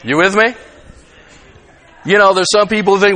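At a normal speed and in a high voice, a pastor in his sixties delivers an animated sermon in a conversational style. He checks in with his audience and dramatizes quoted lines.

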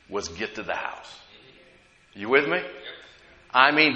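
A man's voice: fairly high pitch, sharp tone, dull audio. A man preaching a sermon to a congregation, often asking them to respond. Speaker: pastor. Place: church sanctuary. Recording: echoey hall with long reverb.

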